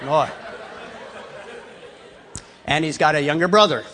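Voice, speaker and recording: A middle-aged pastor preaching a sermon, moving from hushed personal storytelling to loud, emphatic preaching. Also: male voice, on the high side, slow pace, husky, a faint crowd.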